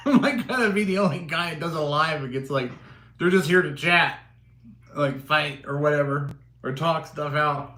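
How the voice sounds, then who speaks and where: A man's voice: fairly high pitch, moderate pace, sharp tone. Man chatting on an echoey livestream. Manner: joking, rambling, chuckling while reading chat. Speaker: livestream host. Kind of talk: casual livestream chat answering comments. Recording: roomy echo.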